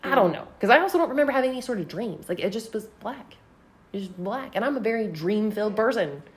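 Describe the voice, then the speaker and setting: A woman's voice: medium pitch, fast. Profane woman telling a story. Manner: profane, animated, heavy use of "like". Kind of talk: casual podcast storytelling.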